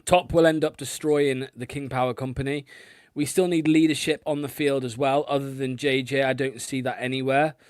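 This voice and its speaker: A man's voice: medium pitch, steady tone, moderate pace, smooth, no room sound, clean studio sound. A man hosting a football fan live stream, chatting casually and swearing often, with lots of filler ums. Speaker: host of a fan watchalong stream.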